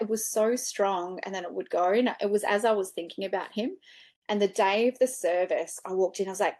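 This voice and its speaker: Woman funeral director chatting away, lively storyteller, does little voices for quotes, mid pitch. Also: normal speed. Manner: animated storyteller who acts out her own quoted words. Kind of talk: casual interview talk.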